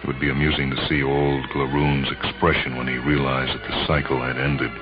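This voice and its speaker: A man narrating a story in a measured, brooding way. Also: extremely low pitch, completely flat delivery. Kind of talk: dramatic audiobook narration. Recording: muffled lo-fi recording, faint music.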